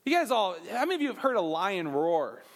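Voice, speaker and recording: A man preaching a sermon, animated and chatty, dropping jokey asides to his listeners as he explains scripture. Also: sits high, a little fast. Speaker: pastor.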